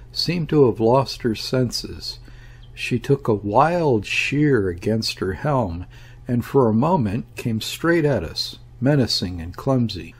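A man narrating a classic novel as an audiobook, reading in a measured, deliberate way. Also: medium pitch, a little mellow, husky. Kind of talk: scripted narration.

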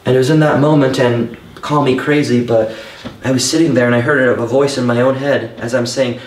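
A man preaching a sermon, telling his own story in an animated way and acting out the thoughts he had back then. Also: medium pitch, fairly quick. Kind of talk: sermon with personal testimony. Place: church hall. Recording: echoey room, mic at a distance.

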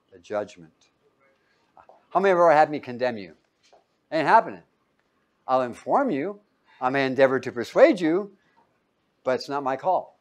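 A man preaching a Bible-teaching sermon, reading verses loudly and pausing for his listeners to call out the missing word. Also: mid-range voice. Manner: quizzing listeners with fill-in-the-blank questions; emphatic, loud when reading scripture aloud.

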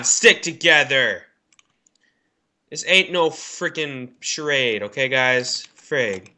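A young man talks over his game at his computer, his voice lively and swinging widely in pitch, with a bright, forceful edge. He rages, swears and shouts at his teammates. Keyboard and mouse clicks tap along behind him. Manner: excitable, swearing, rages and shouts at other players. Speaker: gaming YouTuber. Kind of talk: gameplay commentary. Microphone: headphones on, desk mic.

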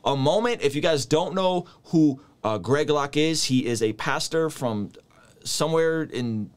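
A man's voice: fairly high pitch, lively intonation, unhurried, clear, resonant tone. A young man giving casual reaction commentary, joking and tossing asides to a friend in the room. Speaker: YouTube commentator.

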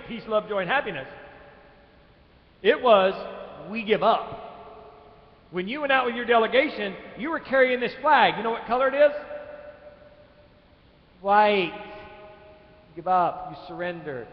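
A man preaching a sermon, swinging from loud emphatic lines to quiet ones, in a church sanctuary. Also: very high-pitched, animated, a little fast. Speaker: pastor. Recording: echoey church hall, dull live stream.

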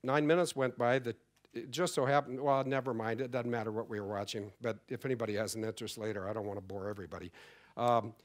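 A man's voice: mid-range voice, steady tone, quick pace. A middle-aged man telling a story to a conference audience, acting out the exchanges he quotes. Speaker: conference speaker. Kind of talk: conference talk. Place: conference hall.

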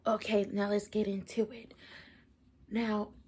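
A young adult woman hosting a casual commentary rant, hoarse from losing her voice and often dropping to a whisper, chatty and slangy. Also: medium pitch, little pitch movement, a little slow, a little mellow. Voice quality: husky, partly whispered. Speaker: YouTube commentary host.

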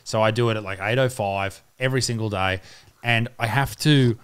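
Crude podcast host. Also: male voice, lowish voice, brisk, clean tone. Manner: blunt, swears freely, laughs through stories. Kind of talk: casual crude banter.

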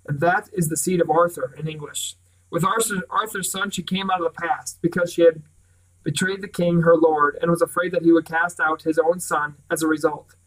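A man reading aloud, voicing a thin, worn older father who speaks strong, clear and cold. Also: fairly high pitch, a bit bright, far from the mic, rough recording.

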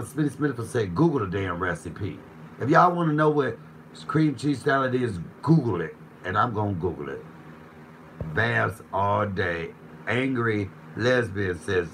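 A fairly low-voiced man with a bright, forceful tone hosts a casual live cooking stream from his home kitchen, reading viewer comments and bantering in a playful, chatty way. Faint room ambience, a little hiss or hum, and low-quality recording sit beneath him.

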